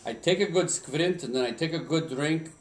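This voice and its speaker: A man's voice: fairly high pitch, normal speed, slight background noise, pitched above the performer's own voice, close to an everyday voice. A man putting on a mock Swedish accent to voice a tipsy old lumberjack, reciting a Christmas poem in a sing-song, chuckling way. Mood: jolly. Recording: roomy home recording from a distance.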